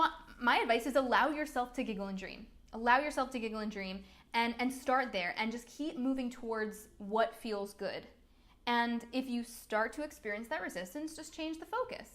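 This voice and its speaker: A woman's voice: on the high side, fairly bright tone. A young woman, a business coach, giving an upbeat, chatty talk full of "like"s. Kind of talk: live-streamed coaching talk.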